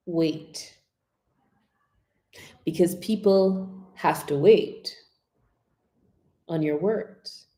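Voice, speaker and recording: A woman coaching public speaking on a live stream, expressive, modelling whispers and dramatic pauses. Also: lowish voice, roomy sound.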